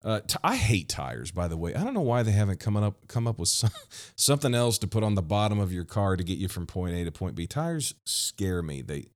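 A man's voice: lowish voice, very animated, fairly quick. A man in his thirties, a pastor hosting a podcast, talking unscripted in a candid, rambling way with frequent restarts. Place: Kansas City, USA.

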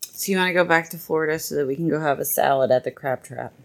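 A woman's voice: sits low, quick pace, vocal fry. A woman in her thirties hosting a podcast in casual, playful chat, laughing often. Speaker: podcast host.

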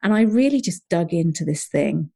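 A woman's voice: on the low side, expressive, normal speed, creaky, dark tone. A middle-aged woman, a coach, telling a personal story as a podcast guest in an earnest, reflective way. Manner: earnest, reflective, often quotes her own thoughts.

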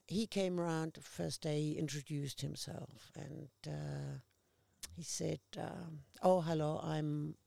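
Woman interview guest, very gravelly, slow and unhurried, slips into other people's voices as she tells stories. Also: low-pitched, no room sound. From Australia. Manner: animated storyteller acting out quoted voices. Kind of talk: casual storytelling conversation.

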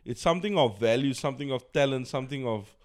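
A man's voice: medium pitch, quick pace. A tired man with a South African accent, co-hosting a podcast in a laid-back casual chat and often trailing off. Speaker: podcast co-host.

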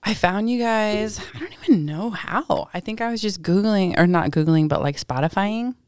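A woman's voice: mid-range voice, moderate pace, darkish tone, clean tone, no room sound, studio quality. A woman from Alaska, a podcast guest, chatting enthusiastically. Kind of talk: casual chat.

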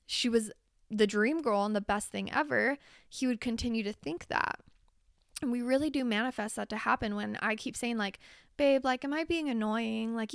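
A woman's voice: fairly high pitch, gravelly, clear, resonant tone, no room sound, studio quality. A woman hosting a podcast, talking candidly and confessionally in a chatty way and swearing casually. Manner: chatty, with frequent fillers. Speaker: podcast host. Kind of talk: casual solo podcast monologue.

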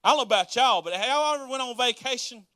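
A pastor delivering a sermon in a high, forceful voice. He talks in a folksy, casual way, full of asides. He acts out everyday moments with animated energy, and the sound is dry and close. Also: fast talker, no room sound.

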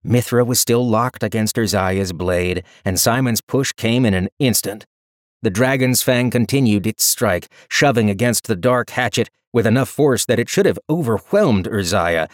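A man narrating a fantasy audiobook in an expressive, dramatic storytelling style on a close studio mic. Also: medium pitch, no room sound. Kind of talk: scripted narration.

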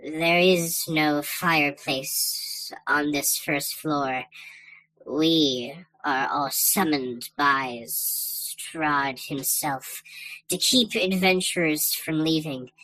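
A man hissing as a slow, haughty dragon wyrmling. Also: fairly high pitch, steady tone, pushed and bright, no echo, pitched above the performer's own voice, full character voice, poor audio. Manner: slow, snake-like hissing delivery.

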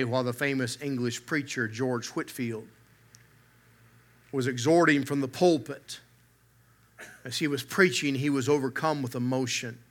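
A man's voice: mid-range voice, sharp tone. A man preaching a sermon from the pulpit, mixing humor with earnest emphasis that swells and drops. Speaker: pastor.

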